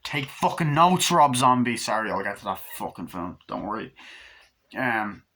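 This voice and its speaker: A man giving a casual, rambling movie review, swearing often and acting out scenes in quick put-on voices. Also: fairly low pitch. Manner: excited, rambling, swears a lot, acts out scenes.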